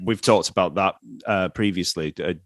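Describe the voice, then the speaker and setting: A man's voice: low voice, moderate pace, dry recording. Laid-back male host, dry sound. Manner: laid-back, many fillers, reads tips from a list. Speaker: interview host. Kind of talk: casual interview.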